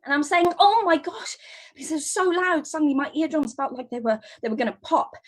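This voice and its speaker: Scatterbrained, excitable bird-science student, high and rambling, as an actress improvises her. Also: fairly quick. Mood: anxious. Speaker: improv performer. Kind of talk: improvised first-person storytelling. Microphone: video call.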